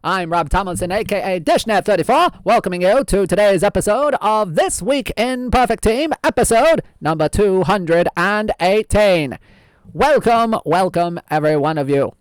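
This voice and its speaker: A man's voice: high-pitched, animated, clean tone, no echo. A man hosting as a show host in a put-on old-timey radio announcer voice, theatrical and drawn out. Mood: hammy. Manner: theatrical, drawn-out, laughs at himself. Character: 1920s radio host, hammy and folksy.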